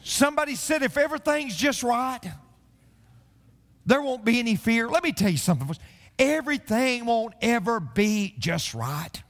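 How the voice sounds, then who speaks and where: A man's voice: extremely high pitch, expressive, moderate pace, big-room sound. A male pastor preaching a sermon, telling stories and building to repeated refrains.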